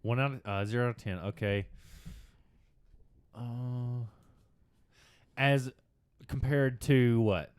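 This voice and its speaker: A man in a casual podcast chat, answering trivia in a jokey, animated way. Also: medium pitch, slow pace, long pauses, clear, resonant tone. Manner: animated, jokey, laughs often.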